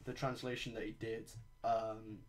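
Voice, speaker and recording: A man's voice: fairly low pitch, level tone, normal speed, slight background noise. A young man hosting a podcast in casual chat, crude, sarcastic and rambling. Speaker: podcast host.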